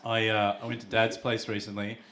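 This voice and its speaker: A man with an Australian accent doing a stand-up comedy set on a club stage. He swears freely and acts out characters in quick put-on voices. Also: fairly low pitch, completely flat delivery. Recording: loud noisy live room with audience laughter.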